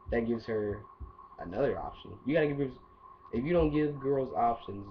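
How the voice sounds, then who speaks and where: A man giving casual dating advice in a rambling, playful monologue full of asides. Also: medium pitch. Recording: dull lo-fi audio with faint hiss.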